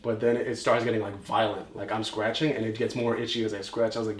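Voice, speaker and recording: A man co-hosting a podcast, telling a story in a rambling, animated way, acting out quotes and swearing. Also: lowish voice, fast. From New York. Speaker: podcast co-host. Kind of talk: casual storytelling chat. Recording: echoey room.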